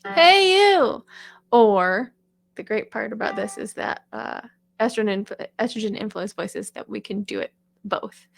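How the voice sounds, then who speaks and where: A woman's voice: medium pitch, fairly even intonation, moderate pace, vocal fry, breathy edge. A woman teaching a casual voice lesson, chatty, with sung and called-out examples.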